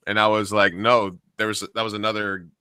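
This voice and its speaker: Animated storytelling man, bright voice. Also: lowish voice, brisk, clean tone, dry recording. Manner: animated, swears freely, acts out quotes. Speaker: podcast co-host, karaoke host. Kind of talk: casual storytelling chat.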